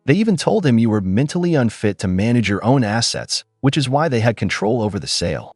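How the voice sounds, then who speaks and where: A man voicing a calm, businesslike female real estate agent with a confiding, matter-of-fact manner. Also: mid-range voice, a little fast, no echo, faint music behind.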